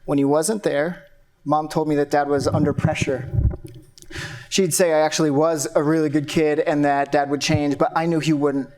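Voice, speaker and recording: A man's voice: on the high side, little pitch movement, moderate pace, a little mellow, close to an everyday voice. A man playing a guarded young man under questioning. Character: young man James questioned after killing his abusive father. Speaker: accused son. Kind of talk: stage play acting.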